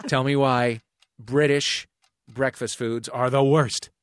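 A man hosting a comedy panel game show, upbeat and quick with asides. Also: mid-range voice, steady tone, smooth, no echo, studio quality. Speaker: host.

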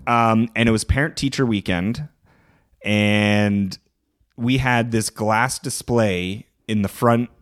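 A man with a Canadian accent, a podcast guest, telling profane, animated stories in casual conversation. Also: fairly low pitch, slow.

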